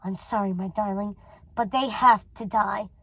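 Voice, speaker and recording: A woman's voice: medium pitch, steady tone, normal speed, no echo, natural voice, poor audio. A woman voicing a cold, possessive old witch mother who speaks with icy scorn, reading a storybook aloud. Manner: icy and scornful, then doting.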